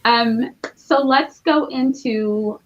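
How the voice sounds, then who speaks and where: A woman's voice: on the high side, very slow. Chatty woman on dull lo-fi audio. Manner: chatty, loose, lots of fillers. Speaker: book club co-host. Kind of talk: casual podcast chat.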